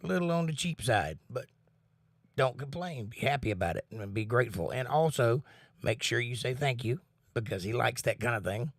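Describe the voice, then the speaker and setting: A man in a casual home livestream reads out viewer comments and discusses faith, sounding relaxed and sincere. He speaks at a normal speed in a mid-range voice, with dry, clean studio sound.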